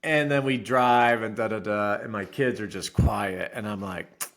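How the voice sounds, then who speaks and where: Brief: man, thirties, podcast co-host, animated storyteller who acts out his own lines. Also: fairly low pitch, a little slow, vocal fry. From Florida resident. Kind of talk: casual podcast chat.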